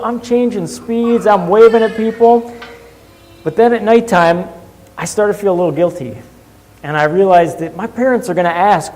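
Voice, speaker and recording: A male pastor telling a Bible story and a childhood story in a sermon, animated and shifting from hushed to lively. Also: high-pitched. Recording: long hall reverb.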